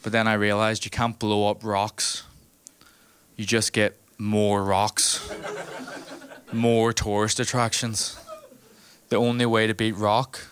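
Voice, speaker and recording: Brash Northern Irish stand-up comic. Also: male voice, fairly low pitch, flat delivery, slow pace, long pauses, a bit bright, clear, resonant tone. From Northern Ireland. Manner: brash, teasing the crowd. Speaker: stand-up comedian. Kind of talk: stand-up comedy set. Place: small live comedy room.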